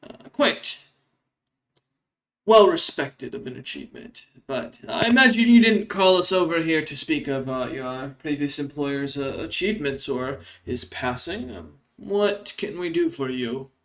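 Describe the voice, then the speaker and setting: A smooth, friendly male winged elf adventurer who talks with easy courtesy and a gentle lift in his voice, put on by a man running the game. He stays even and agreeable throughout. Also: a little slow. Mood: polite. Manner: courteous, easygoing, higher than his narration.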